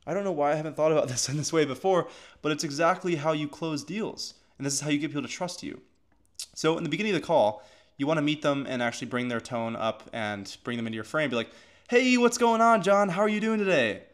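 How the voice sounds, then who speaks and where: A man's voice: fairly high pitch, fast talker. A man casually teaching how to run sales calls, talking loosely with lots of filler words and restarts. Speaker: agency coach.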